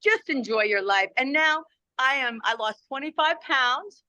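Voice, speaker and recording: A woman in her sixties telling a personal testimony on a call from home, chatty and animated, acting out quoted lines with big jumps in pitch. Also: a little slow, no room sound. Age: 60s. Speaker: guest giving a testimony. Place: at home doing laundry.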